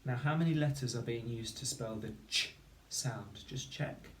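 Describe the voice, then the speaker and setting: A male teacher giving a patient phonics lesson, slowly sounding out each word and syllable. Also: medium pitch. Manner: slow, patient, sounding out words. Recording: roomy, distant mic with faint noise.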